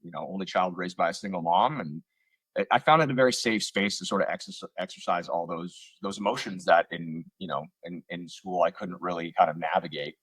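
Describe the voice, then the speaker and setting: Interviewed over a video call from a room at home, an actor rambles through long stories about his career with lots of fillers and self-mocking asides. His low voice is husky and a bit bright, he talks fairly quickly, and the computer-mic recording has no room sound.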